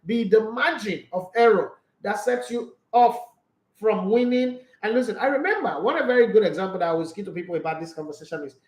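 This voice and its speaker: Brief: high-pitched Nigerian male sports host, outspoken and emphatic, echoey room. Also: expressive, fairly quick. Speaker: sports talk show host. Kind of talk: casual sports commentary, reading viewer comments.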